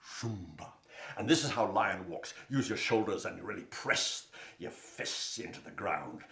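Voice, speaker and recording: Male storyteller, children's audience, bright tone, roomy echo. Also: fairly low pitch, normal speed, vocal fry. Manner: animated, invites the audience to join in.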